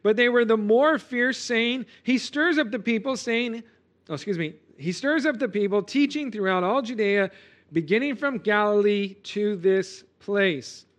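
A male pastor giving an expository sermon, animated and emphatic, often checking in with "okay?" and "right?". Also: high voice, a little slow. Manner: animated, emphatic preaching with frequent "okay?" asides.

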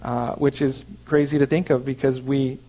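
A man's voice: mid-range voice, flat delivery, normal speed, mellow. A man preaching a sermon, explaining scripture in an earnest teaching manner and checking in with his listeners. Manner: earnest teaching with frequent "okay" check-ins. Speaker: pastor.

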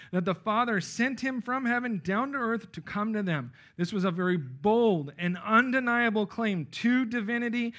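High-pitched guy preaching, emphatic, keeps going okay? right?. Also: a bit bright. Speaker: pastor. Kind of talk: expository Bible sermon.

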